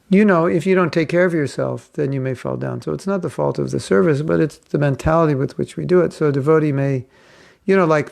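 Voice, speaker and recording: A man's voice: a little high, gravelly, a little mellow. An older man teaching an informal spiritual class, answering questions and joking with mock accents. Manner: playful, slips into mock accents.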